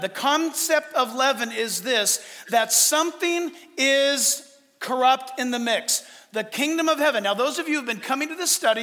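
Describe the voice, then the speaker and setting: A man's voice: very high voice, sharp tone, in a large hall. A man preaching a sermon as pastor, emphatic and full of rhetorical questions. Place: church.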